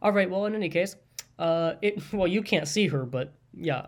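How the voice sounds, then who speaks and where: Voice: medium pitch, slow, long pauses. A podcast host talking alone in a casual monologue, thinking aloud with hedges, restarts and a stream of fillers. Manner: rambling, hesitant, frequent restarts and fillers; thinks aloud, hedging and musing.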